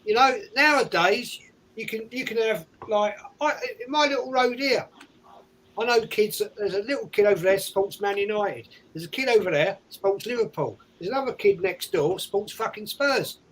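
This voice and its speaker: A man's voice: high-pitched, moderate pace, a bit bright, slight background noise, rough recording. A man co-hosting a casual chat on a video call, insistent, swearing and repeating himself. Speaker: co-host.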